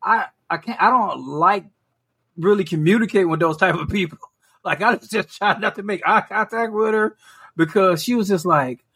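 A man's voice: high-pitched, normal speed, sharp tone, slightly rough. A man co-hosting a podcast, telling stories in casual chat with lots of profanity and mimicry of people he met. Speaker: podcast co-host.

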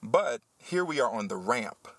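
A man who works as a teacher, hosting a casual podcast chat and telling a story with animated, heated energy. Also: mid-range voice, measured pace, no echo. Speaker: podcast host.

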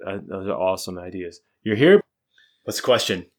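A man's voice: low-pitched, lively intonation, a little fast. A man chatting casually and upbeat, rambling and correcting himself as he talks through his affirmations and plans. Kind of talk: casual chat with spoken affirmations.

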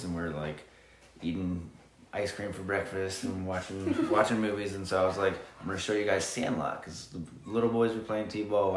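A man, a dad and podcast guest, telling family stories in an animated, laughing way. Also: sits low, slight background noise. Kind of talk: casual interview chat. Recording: echoey room.

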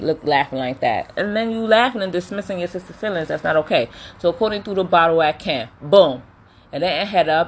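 A woman casually recapping a reality show, opinionated and animated, with lots of fillers. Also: deep voice, a little hiss or hum. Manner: chatty, opinionated, animated retelling with quoted voices; many fillers like um and you know. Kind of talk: casual chat.

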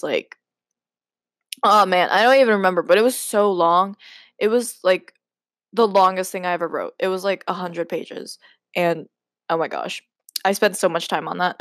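A woman's voice: lowish voice, fairly bright tone, no echo. Young woman podcasting, giggly and cringing at herself, says like a lot, dry close mic. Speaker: podcast host. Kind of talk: casual podcast, reading aloud and commenting.

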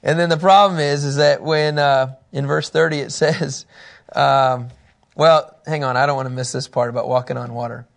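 A man teaching a casual Bible lesson in an animated way, often laughing. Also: mid-range voice, moderate pace, vocal fry. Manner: animated, laughing, acting out scripture quotes.

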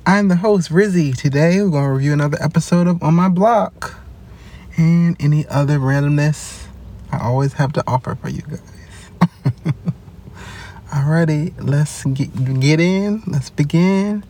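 A man's voice: a little high, measured pace. A man hosting a casual podcast. He tells stories with lots of cursing and laughs often as he talks. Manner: profane, laughs often, animated storyteller. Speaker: podcast host and ambulance worker.

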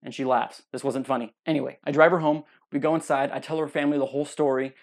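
A man's voice: mid-range voice, fast talker. A young man hosting his own podcast, telling a funny personal story and acting out what other people said. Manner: animated, acts out other people's lines. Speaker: podcast host.

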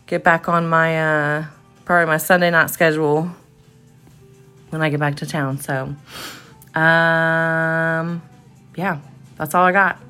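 Woman, podcast host, low voice, casual rambling monologue, faint music behind. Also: fairly bright tone. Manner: rambling, full of fillers and restarts.

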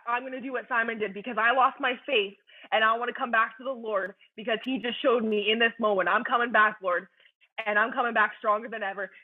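Young woman telling her faith story, all heart and fervor, lots of "like" and "you know", sounds like it's over a phone line. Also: mid-range voice. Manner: earnest and fervent, heavy use of "like" and "you know". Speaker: person sharing her faith testimony. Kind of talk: emotional personal testimony.

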